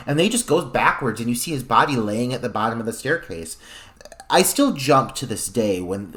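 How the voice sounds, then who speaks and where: A man co-hosting a horror podcast in loose, excitable chat. His voice sits in a middle pitch, and he swears freely and stretches out words for effect. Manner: animated, profane, drawn out for effect. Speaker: podcast co-host. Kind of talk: casual film discussion.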